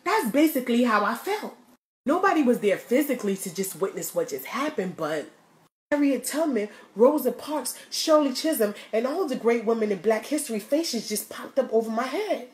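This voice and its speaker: A young woman doing comedic storytelling, profane and animated, acting out the people in her story. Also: fairly high pitch, moderate pace, echoey room. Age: young adult. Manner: profane, animated, acts out voices.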